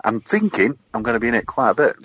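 A man's voice: mid-range voice, sing-song, fast talker, fairly bright tone, no room sound. A man from England telling jokey, sweary stories in casual podcast banter. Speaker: podcast co-host. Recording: dull lo-fi sound.

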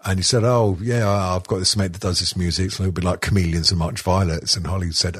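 Husky, sweary British man chatting. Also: sits low, lively intonation, a little fast, hardly any pauses, no room sound, clean studio sound. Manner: sweary, rambling, laughing often. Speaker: podcast host. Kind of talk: casual chat.

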